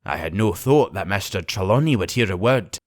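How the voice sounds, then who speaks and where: A man's voice: low-pitched, lively intonation, no room sound, studio quality. A man voicing a stern, blunt sea captain. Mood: firm. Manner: clipped, deliberate, firm.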